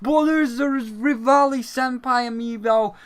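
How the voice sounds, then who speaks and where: A gaming YouTuber giving an excited, rambling recap of a games event, swearing freely. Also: mid-range voice, a little slow, smooth. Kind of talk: excited event recap while live on a call.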